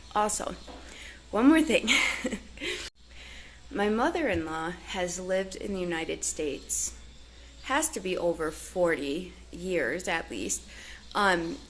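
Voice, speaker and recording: A woman's voice: medium pitch, fairly bright tone. A woman vlogging casually on her ranch, talking earnestly and chattily with lots of fillers. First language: English. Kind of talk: casual chat to camera. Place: ranch in Mexico.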